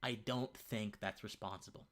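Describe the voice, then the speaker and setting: A man's voice: on the low side, moderate pace. A young man hosting a casual opinion livestream. He rambles, stumbles over words and often restarts his sentences. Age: young adult. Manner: lively and conversational, says man often. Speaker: livestream host.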